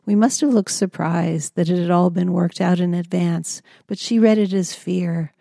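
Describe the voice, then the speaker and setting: A woman reading her own memoir aloud in a calm, measured storytelling manner. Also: on the low side, vocal fry, no room sound, studio quality. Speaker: memoir narrator. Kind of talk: audiobook memoir narration.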